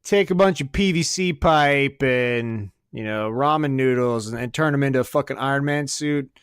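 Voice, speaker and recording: Male podcast host, smooth clear voice, dry close sound, profane rambling rant with sarcastic asides. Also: mid-range voice, normal speed, no echo. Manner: swings between loud outbursts and muttered asides. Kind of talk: casual comedic rant.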